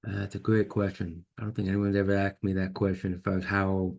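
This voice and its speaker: A man's voice: low-pitched, completely flat delivery, fairly quick, vocal fry, a little mellow. A man with a deaf accent, telling his own story as an interview guest in an earnest, reflective way. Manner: earnest, reflective, repeats words when restarting.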